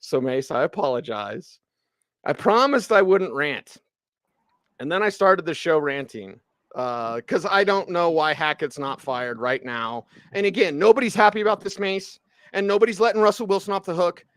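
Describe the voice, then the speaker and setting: High-voiced man ranting on sports radio. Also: expressive, moderate pace, dry recording. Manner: loud ranting, mocking put-on quotes. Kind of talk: heated sports radio rant.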